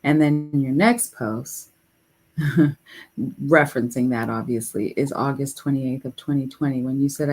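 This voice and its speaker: A man hosting a casual chat, reading social media posts aloud in a measured, deliberate way. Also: mid-range voice, darkish tone.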